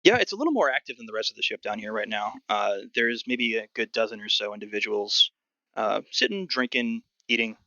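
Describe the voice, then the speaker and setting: A man narrating as game master of a tabletop game, relaxed and descriptive, with many fillers. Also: fairly low pitch, fairly quick, no echo, muffled recording.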